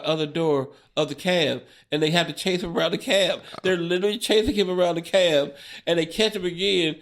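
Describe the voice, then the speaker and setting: A man's voice: on the high side, a bit bright. A man, a stand-up comedian, telling a profane road story in casual chat, laughing and acting out the people in it. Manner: acts out drunk friend in quoted voices.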